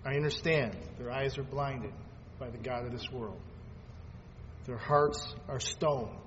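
A man preaching a sermon, swinging between fervent loud peaks and quiet asides as he reads scripture aloud. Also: medium pitch, a little slow. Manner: reads scripture aloud in old-fashioned phrasing. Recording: dull lo-fi sound with long hall reverb and faint background noise.

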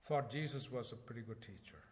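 A man preaching a sermon in a conversational way, asking rhetorical questions and swinging between loud emphasis and quiet asides. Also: medium pitch, a little fast, slight background noise. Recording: long hall reverb.

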